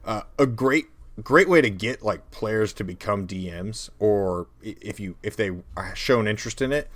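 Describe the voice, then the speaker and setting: A relaxed man talking through game-master tips on a home podcast mic. His voice sits a little low, and he rambles loosely, laughing easily between thoughts. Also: normal speed. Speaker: podcast co-host. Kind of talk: casual chat about tabletop games.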